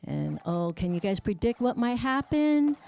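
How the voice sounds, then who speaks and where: A woman speech-language pathologist giving a parent education class, narrating a video with lively exclamations. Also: on the high side, moderate pace, vocal fry. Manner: animated, exclaiming while narrating a video for kids.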